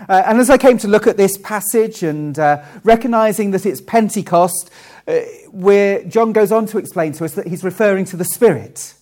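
A man from Wales preaching a friendly sermon with frequent ums and pauses. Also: sits high, a little mellow. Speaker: pastor.

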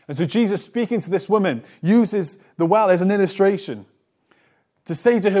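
A man preaching a sermon, reading Bible verses aloud and explaining them in a conversational way with light asides, his phrases often trailing off softly. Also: sits high, moderate pace. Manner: reads scripture then explains it, trailing off softly at phrase ends.

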